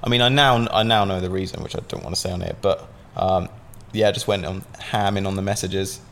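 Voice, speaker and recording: A man's voice: sits low, steady tone, brisk, a bit bright. A man from Southampton, telling a long story as a podcast guest in a casual, rambling way, full of fillers and swearing. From Southampton, England.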